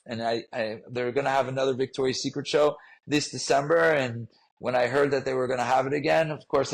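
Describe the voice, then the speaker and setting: A man's voice: mid-range voice, breathy edge, low-quality recording. A man telling a personal story in a podcast interview, earnest and emotional, often repeating himself. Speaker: guest, fitness trainer.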